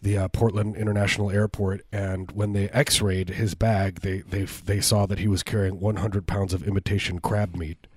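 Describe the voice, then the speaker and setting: A man's voice: low voice, level tone, moderate pace, hardly any pauses, darkish tone, breathy edge, no room sound. A man co-hosting a radio show, joking and rambling through a pledge drive. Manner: rambling, absurd improvised jokes. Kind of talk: casual comedic banter during a fund drive.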